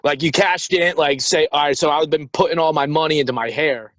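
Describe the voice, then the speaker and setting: A young podcast co-host with a slightly bright voice on the high side records on a phone in his hand inside his parked car. He rambles, riffs and jokes his way through casual comedic chat, in a low-quality recording with no echo.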